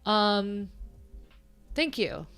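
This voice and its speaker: A woman's voice: mid-range voice, expressive, drawn-out words, a bit bright, clear, resonant tone. A woman with a nasal voice chatting casually on her livestream, rambling and joking at her own expense. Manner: chatty, rambling, self-deprecating. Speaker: livestream host.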